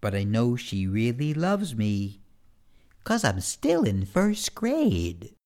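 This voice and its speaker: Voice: mid-range voice, wildly swooping pitch, slow pace, darkish tone. A reader performing rhyming children's poems in a first-person kid's voice, with a playful sing-song delivery.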